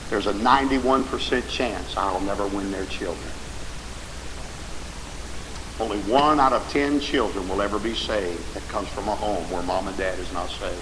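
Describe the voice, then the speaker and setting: A man preaching a fiery revival sermon with dramatic emphasis at a church service. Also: medium pitch. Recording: echoey hall, hiss.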